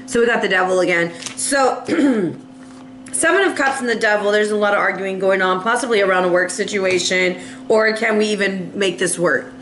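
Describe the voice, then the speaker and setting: A woman's voice: medium pitch, moderate pace, fairly bright tone, reverberant, slight background noise. A woman giving a casual, playful tarot reading, laughing often and acting out little voices, with a cough now and then. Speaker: tarot reader.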